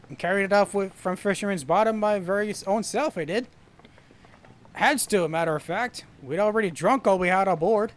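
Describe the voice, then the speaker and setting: A man's voice: sits high, a little fast, natural voice. Rowdy drunken sailor, rambling braggart in old sea talk, read by a man doing the voice, game dialogue. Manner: rough sailor dialect, rambling and boisterous.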